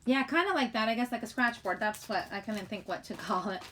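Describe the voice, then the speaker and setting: A woman's voice: fairly high pitch, fairly quick, fairly bright tone. A middle-aged woman hosting a casual livestream, chatty and giggly, rambling as she greets viewers in the chat. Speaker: livestream host.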